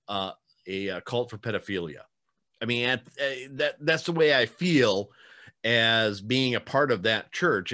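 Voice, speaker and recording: A man's voice: mid-range voice, a bit bright. A man hosting a podcast interview, talking bluntly and heatedly with many fillers. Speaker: podcast host. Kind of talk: casual interview chat.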